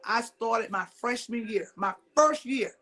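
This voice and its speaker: A bit bright and on the high side, her expressive voice moves a little slowly. She's a middle-aged motivational speaker from Mississippi who hammers her main lines through repetition and peppers the audience with questions.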